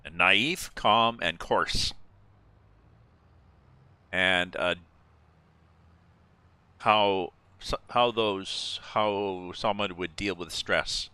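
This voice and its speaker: Deep-voiced man rambling while he plays. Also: extremely slow, long pauses, bright, forceful tone, clean tone, no echo. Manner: rambling, thinking aloud. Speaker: game streamer. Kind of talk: casual gameplay chat.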